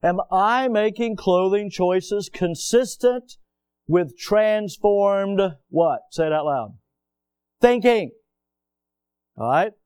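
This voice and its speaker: A man preaching a sermon, reading scripture aloud and asking his congregation questions, swinging between quiet asides and loud emphatic rises. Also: high voice, slow, smooth, no room sound. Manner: reads scripture aloud in old-fashioned wording. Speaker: pastor.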